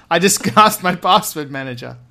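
A man's voice: fairly high pitch, expressive, moderate pace, vocal fry, pushed and bright, a little hiss or hum. A man co-hosting a podcast over an online call, trading dry, sarcastic quips in casual chat. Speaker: podcast co-host.

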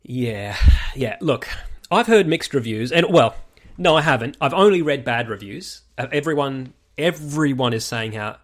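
A man chatting casually as a podcast co-host. His voice sits at an ordinary middle pitch. He talks in an animated way and tells stories full of quoted voices. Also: moderate pace. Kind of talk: casual chat.

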